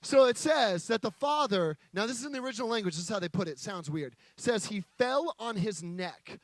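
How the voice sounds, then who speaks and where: A man gives a playful, chatty sermon from a stage and banters with his audience. His voice sits high and comes across close and dry, with no room echo. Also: animated, a little fast. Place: stage before a live audience.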